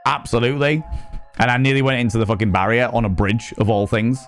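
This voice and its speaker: A man chatting on a live stream, telling animated, sweary stories and reading out chat messages. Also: medium pitch, quick pace, faint music behind. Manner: sweary, animated storytelling, reads chat aloud.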